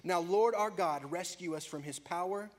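High-voiced fervent male preacher. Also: moderate pace. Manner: builds to loud, high-pitched fervor in prayers; drops to soft, low conversational tone between peaks. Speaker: pastor. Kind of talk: sermon.

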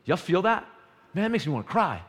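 A man preaching a sermon, animated and full of rhetorical questions to the congregation. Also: high-pitched, brisk, breathy edge. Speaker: pastor. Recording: long hall reverb.

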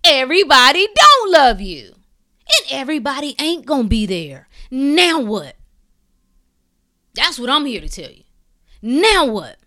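A woman hosting a podcast, speaking in a blunt, preachy way with swearing and shifting between calm talk and fired-up bursts. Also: sits high, slow pace, pauses often. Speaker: podcast host. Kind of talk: impassioned spiritual talk.

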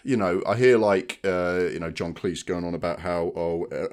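A man with a deep, low-pitched voice talks casually as a podcast co-host. He rambles a little and keeps checking in with his listener. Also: moderate pace, darkish tone. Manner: chatty, frequent "do you know what I mean". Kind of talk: casual chat.

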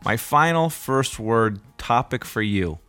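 A young man co-hosting a casual podcast chat, lively and animated. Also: mid-range voice, slow, faint music behind. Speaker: podcast co-host.

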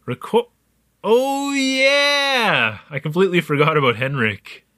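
A man's voice: medium pitch, a little slow, no echo, clean studio sound. A man playing a chatty young newcomer. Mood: playful. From Canada. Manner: animated, joking, wandering asides. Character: young male newcomer keeping a spoken diary, curious, chatty. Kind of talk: audio drama narration.

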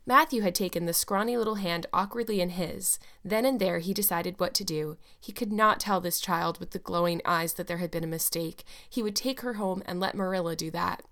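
Woman narrating a classic storybook. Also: fairly low pitch. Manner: measured, expressive storytelling. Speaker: audiobook narrator. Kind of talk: scripted narration of a classic novel.

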